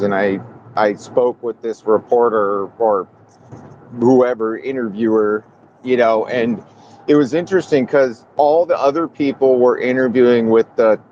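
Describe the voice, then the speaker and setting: A man talks in casual conversation and slips into animated, acted-out voices when he quotes people. His sound is dull and lo-fi, with a faint vehicle hum behind him. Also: medium pitch. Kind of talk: casual chat.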